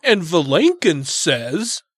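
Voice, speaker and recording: A man's voice: on the high side, sing-song, slow, a bit bright, husky, dry recording, clean studio sound. A man co-hosting a casual podcast, talking in a blunt, dismissive and profane way. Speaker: podcast co-host. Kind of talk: casual chat.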